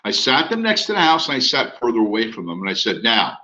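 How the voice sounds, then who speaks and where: A man's voice: medium pitch, fast talker, highs cut off. A man telling a real estate anecdote in a lecture, acting out the dialogue as he goes. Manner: animated anecdotal, acts out dialogue. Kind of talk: storytelling lecture.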